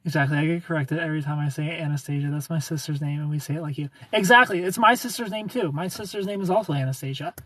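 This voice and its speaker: A young streamer talks quickly with few pauses, his fairly high voice bright in a dry recording. He greets his audience, goes through chat comments, and rants, swearing and laughing often.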